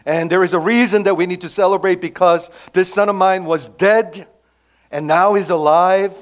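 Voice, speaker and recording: A man's voice: mid-range voice, measured pace, lightly acted. A man voicing an eager, forgiving father urging a celebration in a sermon retelling. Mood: joyful. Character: joyful forgiving father welcoming back his son.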